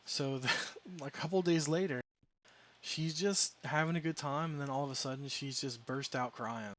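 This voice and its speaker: A man's voice: mid-range voice, normal speed, a bit bright, a little hiss or hum. A man casually chatting as a game streamer, rambling through a story with restarts and amused asides. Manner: rambling, self-correcting, amused.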